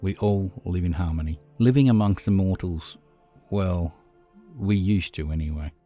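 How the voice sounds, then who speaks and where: A man voicing Zack, a calm and menacing old vampire leader, speaking solemnly and with command. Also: low voice, normal speed, soft background music, natural voice.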